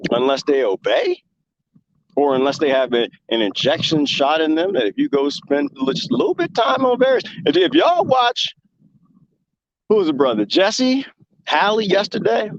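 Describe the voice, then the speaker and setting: A man's voice: fairly high pitch, moderate pace, gravelly, lo-fi sound. A man hosting a talk show in casual commentary, passionate and rambling as he makes his point. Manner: impassioned, rambling, with lively imitated quotes. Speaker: show host.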